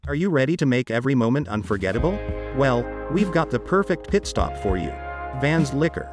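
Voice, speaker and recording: A man reading a scripted radio ad in an upbeat, salesy pitch. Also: sing-song, a little fast. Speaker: ad announcer. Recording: music bed under the voice.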